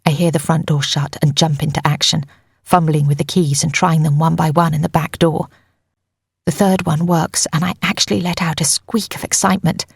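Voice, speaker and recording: A woman's voice: sits low, steady tone, normal speed, gravelly, husky, dry recording. A woman narrating a tense first-person audiobook on a close mic, in an urgent storytelling manner.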